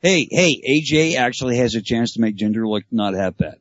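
A man's voice: fairly low pitch, expressive, fairly quick, no room sound. Sarcastic Canadian man, dull dry sound. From Western Canada. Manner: sarcastic, joking. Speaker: podcast co-host. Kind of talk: casual wrestling chat.

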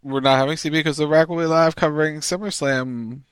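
A man's voice: on the high side, steady tone, a little fast, clean tone, dry recording. A man co-hosting a casual wrestling talk show in a joking way. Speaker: co-host.

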